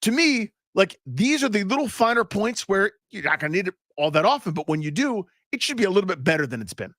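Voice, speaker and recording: High-pitched male co-host, punchy opinions, dry close studio sound. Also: big pitch swings, a bit bright, no echo. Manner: emphatic, quick opinions, does impressions. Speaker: sports radio co-host. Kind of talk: casual sports talk.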